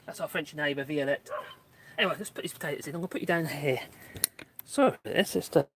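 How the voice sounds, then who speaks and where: A man's voice: a little high, quick pace, fairly bright tone, a little hiss or hum. A man, live-streaming casual chat from his garden, rambling with asides to his dogs and viewers, recorded outdoors on a phone on a tripod. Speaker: channel host. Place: outdoor garden, kneeling in mud.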